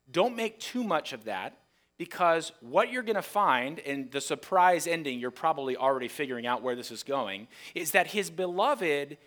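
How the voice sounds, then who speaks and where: A man preaching a sermon, reading scripture aloud dramatically and acting out the voices of a shouting crowd. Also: fairly high pitch. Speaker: pastor.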